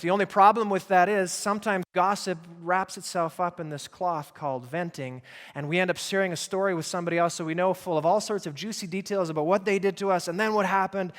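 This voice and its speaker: Male pastor, fairly high voice, conversational and emphatic sermon delivery, long church reverb. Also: fairly bright tone. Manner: conversational, emphatic preaching with asides to the congregation. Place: church sanctuary.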